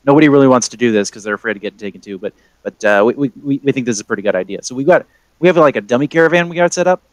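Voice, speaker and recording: A man's voice: medium pitch, racing, no echo, natural voice. A man voicing a blunt male trade official who rambles and repeats himself in an offhand way.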